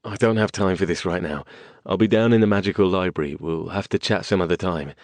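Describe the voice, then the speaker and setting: A man narrating an audiobook and voicing an exhausted mage who speaks in a clipped, hurried, apologetic way. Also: low-pitched, a little mellow, no echo. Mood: weary, urgent. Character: tired, hurried English mage, adult man, polite but evasive.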